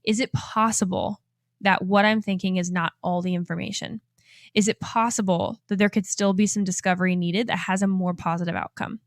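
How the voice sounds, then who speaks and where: A young woman in her twenties talks straight to her listeners like a life coach, bright and upbeat, breaking into laughter often. Her voice sits in a middle register. The sound is close and dry, with no room around it. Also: mid-range voice, fairly even intonation, a little fast, no room sound. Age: 20s. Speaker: podcast host and life coach. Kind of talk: motivational podcast monologue.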